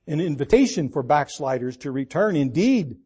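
An older man preaching a sermon as pastor, stretching key words for emphasis and dropping into soft, low asides. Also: big pitch swings, moderate pace, breathy edge.

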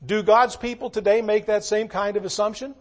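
A man preaching a sermon, reading scripture slowly and swinging between hushed asides and loud emphatic lines. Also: sits high, steady tone. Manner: reads scripture in slow, measured tones.

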